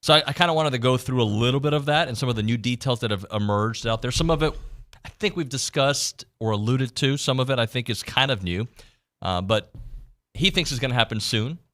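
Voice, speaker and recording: A man's voice: mid-range voice, a little fast, a bit bright. A man hosting a sports radio show in a studio, chatting casually and self-deprecatingly with plenty of restarts. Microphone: studio microphone.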